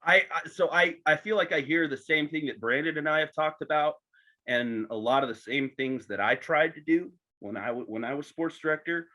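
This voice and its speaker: A man's voice: fairly high pitch, moderate pace, bright, forceful tone. A man hosting a podcast, asking questions in a chatty, joking way with some false starts. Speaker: podcast host. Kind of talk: casual interview chat.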